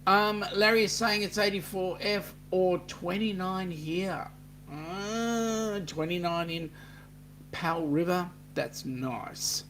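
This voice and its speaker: A man's voice: high voice, steady tone, slow pace, fairly bright tone, a little hiss or hum. A middle-aged Australian man hosting a casual livestream, joking and reading viewer comments aloud. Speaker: host.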